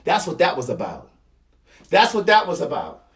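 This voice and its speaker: A man's voice: fairly high pitch, huge pitch swings, moderate pace, a bit bright, recorded from a distance. A man in his thirties with a Baltimore accent, giving a blunt, slangy commentary monologue, repeating points for emphasis. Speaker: vlogger.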